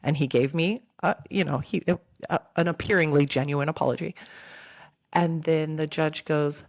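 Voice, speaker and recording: This is a woman in her thirties hosting a podcast, candidly and earnestly recounting a personal story while talking straight to her audience. Her low-sitting voice is gravelly and steady at a moderate pace, with no room sound.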